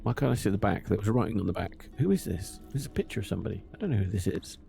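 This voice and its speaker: A man commenting live on his game, swearing and muttering at it in an exasperated way. His voice is heavily gravelly and dark, and it jumps around in pitch. Faint music sits behind him. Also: lively intonation, racing. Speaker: streamer.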